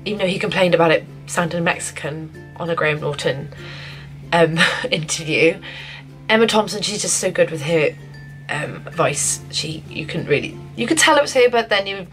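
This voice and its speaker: A young woman vlogging a casual film review, gushing and excitable, often restarting her sentences. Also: lowish voice, moderate pace, soft background music, low-quality recording. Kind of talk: casual spoiler review to camera.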